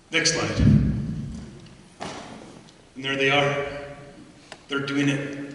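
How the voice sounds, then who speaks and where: Bright-voiced man telling stories to a hall. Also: medium pitch, level tone, takes it slowly, pauses often. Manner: anecdotal, humorous, retells conversations in dialogue. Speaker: speaker at a community assembly. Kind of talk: storytelling speech to an audience. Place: large hall. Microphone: far room microphone. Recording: echoey hall from far off, faint crowd and noise.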